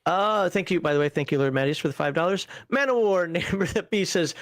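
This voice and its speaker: A man's voice: high-pitched, expressive, fast talker, hardly any pauses, dry recording. A man hosting a livestream panel show, reading viewer comments aloud and giving wry, opinionated takes with frequent fillers.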